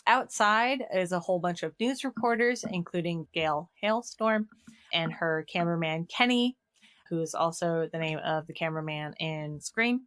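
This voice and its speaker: A woman with a lowish voice co-hosts a movie podcast, chatting casually as she recaps scenes and animatedly acts out the characters' lines. She talks at a normal speed, and her clean tone comes through on a dry recording.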